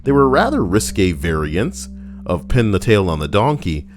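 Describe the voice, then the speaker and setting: A man's voice: fairly low pitch, sing-song, normal speed, soft background music. A man reading stories aloud for his channel and breaking off into joking, rambling asides, swearing casually.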